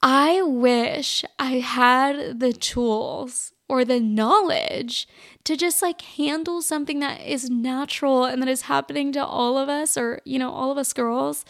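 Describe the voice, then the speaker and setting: A young woman hosting a podcast, telling a personal story in a chatty, casual way that is full of "like". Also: high voice. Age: young adult. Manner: chatty, heavy use of "like". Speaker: podcast host.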